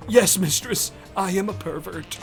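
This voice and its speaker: A man's voice: high-pitched, measured pace, gravelly, faint music behind. A man voicing a pathetic older male client in a game, whining, pleading and oinking. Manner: whiny, pleading, squeals oinks. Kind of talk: reading game dialogue aloud on a stream.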